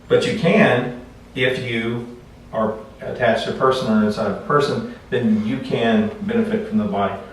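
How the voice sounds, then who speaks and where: A man teaching a class in a relaxed, conversational way, telling stories and often restarting his sentences. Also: mid-range voice. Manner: conversational, repeats words when restarting. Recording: echoey room, far from mic, faint noise.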